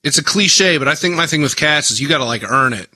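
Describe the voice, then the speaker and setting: A man's voice: fairly high pitch, expressive, fast talker, pushed and bright, no echo. A young man guesting on a podcast in casual chat, laid-back with short wry remarks.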